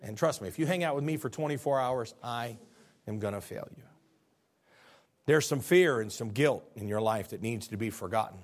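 A middle-aged male pastor preaching a sermon, animated, acting out biblical figures as he goes. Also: mid-range voice, normal speed.

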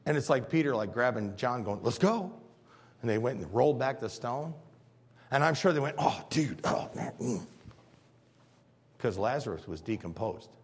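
A pastor preaching a sermon in a church, acting out scenes and swinging between hushed and loud. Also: male voice, medium pitch, animated, normal speed, pauses often, husky.

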